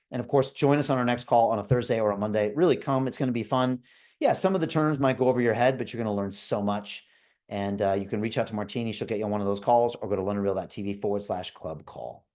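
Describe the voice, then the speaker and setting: A middle-aged man hosting a live online call, making an urgent, repetitive sales pitch and checking in with "okay?" and "right?". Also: darkish tone. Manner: urgent, repetitive tag questions. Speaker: livestream host selling a crypto course.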